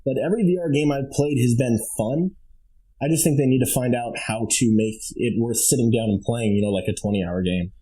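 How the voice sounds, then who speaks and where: A male podcast guest with a dark, mellow tone and a slightly husky edge. He talks in an easygoing, conversational way. He thinks out loud and restarts his sentences now and then. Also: medium pitch, fairly quick, low-quality recording. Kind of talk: casual podcast chat.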